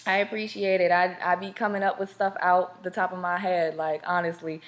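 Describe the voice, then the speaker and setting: A woman's voice: fairly low pitch, flat delivery, fairly quick. A young woman from Southern California hosting a podcast live, chatting casually to viewers and rambling with fillers and restarts. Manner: chatty, talks straight to viewers. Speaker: podcast host. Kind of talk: casual live-stream chat.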